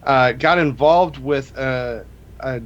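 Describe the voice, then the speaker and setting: A man hosting a live drone show, chatting casually and relaxed, with frequent fillers and restarts. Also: mid-range voice, takes it slowly, highs cut off. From USA. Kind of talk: casual live-stream chat.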